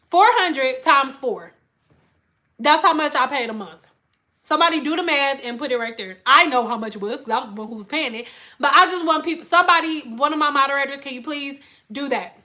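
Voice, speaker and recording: Woman hairstylist ranting on a live stream, high bright voice, blunt and emphatic. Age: adult with school-age children. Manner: acts out quoted customers in an exaggerated voice. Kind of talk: casual live-stream chat.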